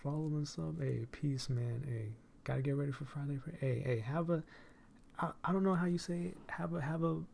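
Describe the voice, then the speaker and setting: A man's voice: on the high side, fairly quick, vocal fry, a little mellow. A man hosting a live stream and podcast in casual chat, effusive, often repeating "hey" and "my dude" and laughing between phrases.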